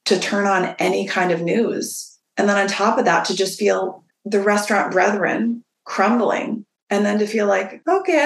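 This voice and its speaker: A woman business owner telling stories in a relaxed interview, slipping into the voices of the people she quotes. Her voice has a gravelly edge. The room around her sounds roomy and echoey. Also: mid-range voice. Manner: animated, acts out quoted dialogue. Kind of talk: casual interview storytelling.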